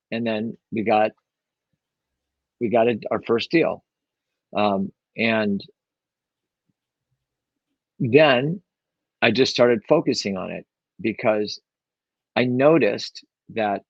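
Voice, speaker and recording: A man's voice: fairly low pitch, no echo, muffled recording. A man telling his story as an interview guest, rambling along with lots of fillers and restarts. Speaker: guest, real estate investor. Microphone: own microphone.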